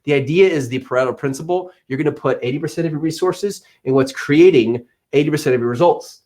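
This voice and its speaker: A man in his thirties hosting a live-stream Q&A from an office, answering chat questions on selling with energetic, playful teasing. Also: a little high, quick pace. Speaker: livestream host and Amazon seller coach.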